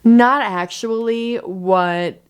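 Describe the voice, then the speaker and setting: A woman's voice: on the high side, drawn-out words, clean tone. A woman recapping a reality show in a loose, chatty way, full of "like". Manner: chatty, loose, heavy use of "like". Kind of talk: casual recap chat.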